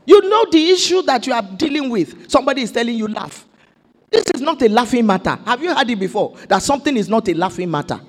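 A Nigerian woman pastor preaching an exuberant sermon that rises to shouted declarations. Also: a little high, very animated, quick pace.

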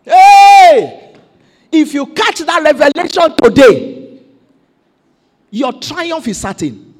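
A Nigerian woman pastor delivers a sermon. Her voice swings widely in pitch. She preaches exuberantly and rises into shouted declarations. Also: very animated, takes it slowly.

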